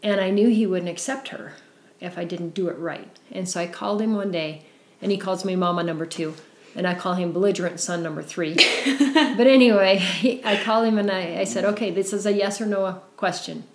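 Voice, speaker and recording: A middle-aged woman telling her story in an interview, earnest and warm, with frequent fillers. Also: medium pitch, fairly quick, echoey room, a little hiss or hum. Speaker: guest, founder of a service dog foundation.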